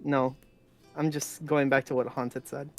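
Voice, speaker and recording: Slow teasing woman co-streamer. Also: extremely low pitch, level tone, a little mellow, soft background music. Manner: teasing, giggly. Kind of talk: casual chat.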